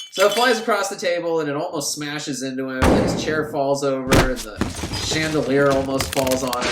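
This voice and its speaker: Crude, wisecracking man in an echoey room. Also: very noisy. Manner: crude, sarcastic, acts out characters in shrill voices. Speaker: podcast host recapping a film. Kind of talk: comedic film recap.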